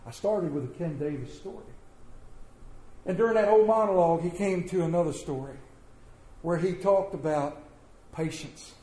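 A man preaching a sermon as pastor, swinging between loud emphatic bursts and quiet, soft-spoken asides. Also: fairly high pitch, moderate pace, long pauses. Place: church sanctuary with congregation. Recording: roomy church echo.

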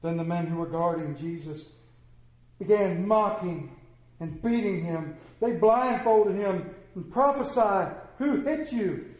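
A man preaching a sermon and reading scripture in an earnest way, slowing down for emphasis. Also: high-pitched, darkish tone, echoey room, low-quality recording.

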